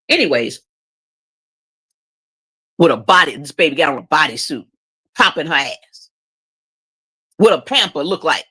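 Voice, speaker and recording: Woman ranting on her vlog, sarcastic and emphatic, bright and a bit husky. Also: deep voice, sing-song, moderate pace, pauses often. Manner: emphatic, sarcastic, repeats points; emotional, says she cries easily. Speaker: commentary vlogger. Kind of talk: opinionated commentary.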